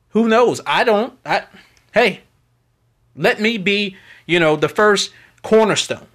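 A man's voice: sits high, a bit bright. A man hosting his own podcast, talking in an unfiltered, preachy monologue that repeats itself as he testifies about faith and pleads with listeners for support. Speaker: podcast host.

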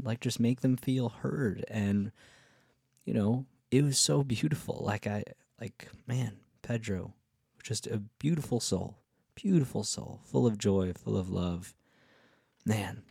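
A man's voice: medium pitch, gravelly, darkish tone, breathy edge, dry recording, clean studio sound. A man telling a travel story in a casual, rambling way, full of fillers and cheerful swearing. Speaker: travel vlogger.

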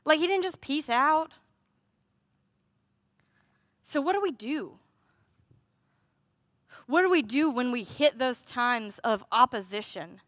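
A woman delivers a sermon in a high, bright voice. She talks conversationally, with rhetorical questions and lively asides. The sound is close and dry. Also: slow, pauses often, no room sound. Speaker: preacher.

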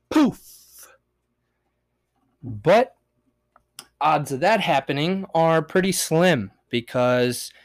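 A young man hosting a casual solo podcast, ranting in a profane, rambling way with big swings in pitch and loudness. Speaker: podcast host.

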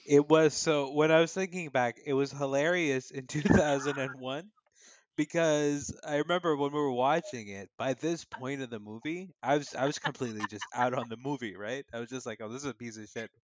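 A man's voice: mid-range voice, normal speed, no echo. A man in casual chat, wry and teasing, who laughs often while recalling a film. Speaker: podcast co-host.

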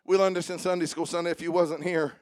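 A man preaching a sermon as pastor, shifting between shouted, rhythmic runs and a lower conversational tone, with jokes for the congregation. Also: fairly even intonation, quick pace, no echo. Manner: joking with the congregation.

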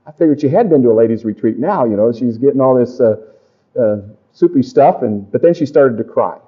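A middle-aged man preaching a testimony sermon to a congregation, folksy and animated in his storytelling. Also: medium pitch, a little fast, slightly rough. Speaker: pastor. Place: church or camp meeting. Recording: dull lo-fi live recording.

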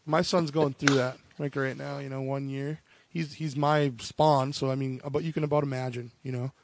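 A young man and father chatting casually on a podcast, joking and profane as he tells quick stories. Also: mid-range voice, little pitch movement, creaky, background noise.

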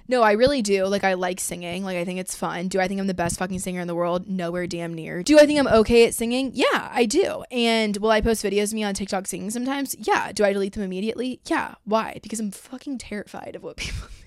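Blunt, chatty young woman with vocal fry. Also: mid-range voice, no room sound, clean studio sound. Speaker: podcast host. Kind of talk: casual chat.

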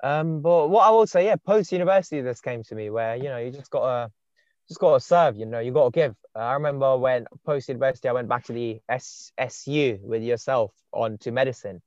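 Young male podcast host, relaxed rambling delivery, dull lo-fi mic. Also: mid-range voice, fairly quick, no room sound. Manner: laid-back storytelling with many fillers. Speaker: podcast host and dating coach. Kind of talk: casual podcast chat. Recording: dull muffled podcast sound.

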